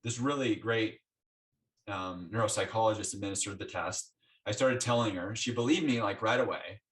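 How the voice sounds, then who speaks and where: An interview guest tells his story conversationally, acting out his exchanges with his doctors in an animated way. His voice sits on the low side at a normal speed, and the mic is distant.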